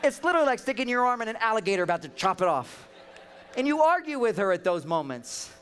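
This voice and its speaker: A man speaking as a relationship counselor, giving a humorous seminar talk with animated, joking storytelling. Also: high-pitched, quick pace, a little hiss or hum.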